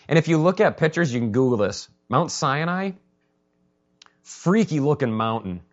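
A man who is a pastor, preaching a conversational sermon and acting out quotes with lively energy. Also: fairly high pitch, unhurried, long pauses, muffled recording.

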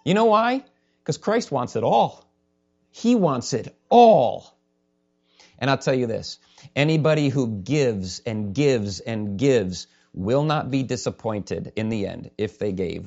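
A man's voice: medium pitch, gravelly, a little mellow. A male pastor preaching an impassioned sermon, sometimes raising his voice to a holler. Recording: dull lo-fi recording.

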